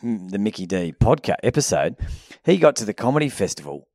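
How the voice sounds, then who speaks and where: A man's voice: fairly low pitch, very animated, brisk, a little mellow, no echo, clean studio sound. An Australian man co-hosting a podcast, chatty and profane, often jumping in on his co-host. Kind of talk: casual podcast banter.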